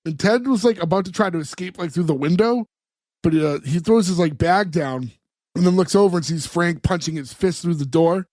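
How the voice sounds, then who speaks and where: A man talks through a sitcom episode scene by scene, slipping into the characters' lines as he tells it. His voice sits a little high for a man and has a lively storyteller's lift. The sound is dry and close, with no room around it. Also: fairly quick, dry recording. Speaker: podcast co-host. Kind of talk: casual chat recapping a sitcom episode.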